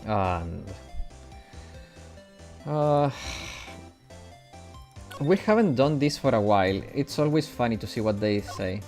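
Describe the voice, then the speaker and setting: A man's voice: mid-range voice, very animated, slow, long pauses, a little mellow, faint music behind. A man chatting casually as he streams a game, laughing at himself and stumbling over his words. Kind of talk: live gaming commentary.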